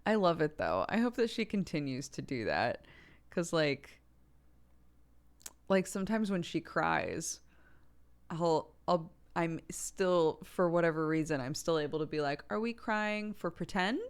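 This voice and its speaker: Low-voiced woman chatting casually. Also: expressive, a little slow, smooth. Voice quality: chatty, laughs often, many "like" fillers. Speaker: streamer. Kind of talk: casual storytelling chat.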